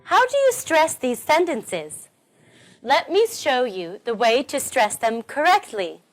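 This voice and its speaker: A woman teaching English pronunciation in a recorded online lesson, encouraging and deliberately modelling sentence stress. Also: high voice, sing-song, faint music behind.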